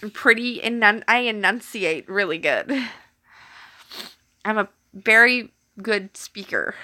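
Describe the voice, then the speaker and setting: A woman's voice: medium pitch, bright, forceful tone. A young Canadian woman with a Canadian accent chatting casually with viewers on a late-night live stream from her kitchen, laughing often and teasing.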